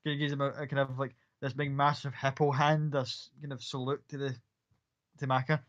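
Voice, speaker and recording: A man's voice: medium pitch, flat delivery, brisk, fairly bright tone. A man narrating as game master of a tabletop game, describing scenes in a loose, rambling way with many fillers. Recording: dull lo-fi audio.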